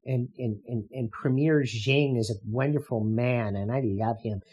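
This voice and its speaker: A man putting on the voice of a smug, condescending elitist scold, slow and sneering. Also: mid-range voice, a little mellow, slightly rough, lo-fi sound. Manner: mocking, slow sneering delivery.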